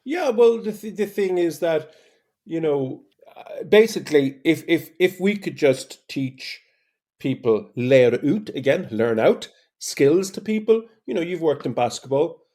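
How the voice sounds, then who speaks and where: A middle-aged man, a podcast guest, telling stories in a lively, animated way, full of restarts. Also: fairly high pitch, a little slow. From Ireland. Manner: animated storytelling, many restarts. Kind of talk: casual podcast conversation.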